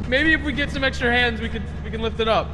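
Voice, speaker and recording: A man's voice: very high-pitched, fast talker, rough recording. A man playing a co-op game with friends, dramatic and whiny in his protests. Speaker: co-op game player. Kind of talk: casual gaming chat. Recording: loud game noise underneath.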